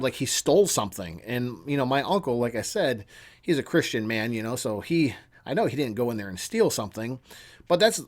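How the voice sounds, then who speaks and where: A man in his thirties, a channel host, telling a personal story in a casual, earnest way, halting at times and often dropping to a hushed tone. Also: mid-range voice.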